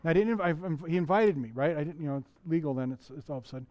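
This church sermon comes from a middle-aged pastor who keeps it conversational, asks the congregation questions, and often restarts sentences. His pitch is fairly high and his pace racing. The audio is dry and dull.

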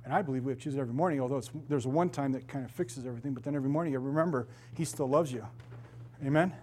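A man's voice: medium pitch, rapid-fire, a little mellow. A middle-aged man preaching as a pastor, telling stories animatedly and acting out the voices of the people in them, laughing often. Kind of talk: sermon.

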